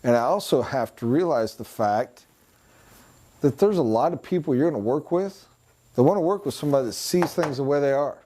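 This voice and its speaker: Man, mellow warm voice, sales trainer, casual lecture, playful voice imitations. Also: on the high side, expressive, normal speed. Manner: conversational, mimics accents and voices for illustration.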